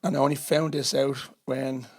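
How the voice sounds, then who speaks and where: An Irish man on a podcast as a guest, telling a lively story and acting out the voices of others. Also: medium pitch, normal speed, gravelly. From Ireland. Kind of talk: storytelling in casual chat.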